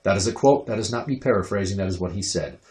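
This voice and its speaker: A man's voice: low voice, fast, darkish tone, roomy sound. A young adult man hosting a casual podcast, talking crudely and swearing freely, putting on voices when he quotes people. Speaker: podcast host.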